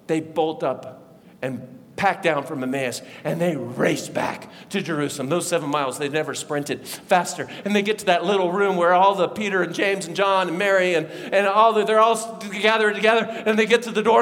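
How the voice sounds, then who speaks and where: A man preaching a sermon as a pastor, telling the story in a lively way and acting out the voices of the people in it. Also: sits high, gravelly. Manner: animated storytelling, acts out voices of disciples. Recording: long reverb of a large hall.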